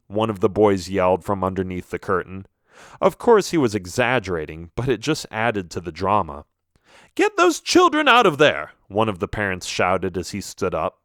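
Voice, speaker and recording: Animated man reading a kids' story. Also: fairly low pitch, clear, resonant tone, no echo, studio quality. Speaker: audiobook narrator. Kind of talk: scripted first-person storybook narration.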